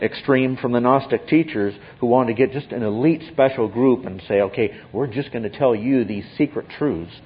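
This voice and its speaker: Male Bible teacher, husky voice, emphatic teaching delivery, muffled lo-fi recording. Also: medium pitch, moderate pace, hardly any pauses. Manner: emphatic, often checks in with "okay?".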